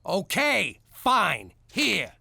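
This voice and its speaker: An actor voicing a blustery middle-aged former mob boss and father in an animated comedy, with a New York accent. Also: high voice, very slow, heavy background noise, full character voice. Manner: blustering, gravelly, soft with his daughter.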